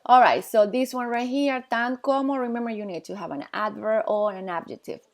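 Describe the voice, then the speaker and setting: Here a woman with a slightly high, darkish voice works through Spanish grammar in English at the whiteboard. She's patient in her explanations, breaks off while writing on the board, and keeps checking on her class.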